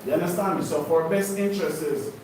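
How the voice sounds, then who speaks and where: A man's voice: fairly high pitch, fast, darkish tone. A man leading a sermon-style Bible study for a congregation, preaching with call-and-response questions. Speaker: teacher of a congregation. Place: congregation hall. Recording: very echoey room, far from mic, noisy.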